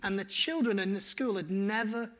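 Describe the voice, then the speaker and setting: High-voiced male pastor preaching. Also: moderate pace. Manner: animated storytelling with quoted dialogue. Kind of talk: sermon.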